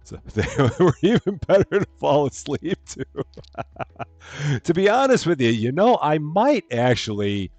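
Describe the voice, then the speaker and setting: Lively chatty man streaming a game. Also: on the high side, unhurried, no echo, soft background music. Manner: chatty, reads chat aloud with bright greetings; says he projects louder than normal. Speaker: live streamer. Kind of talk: casual live-stream chat. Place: his room at home. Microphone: headphones on, desk mic.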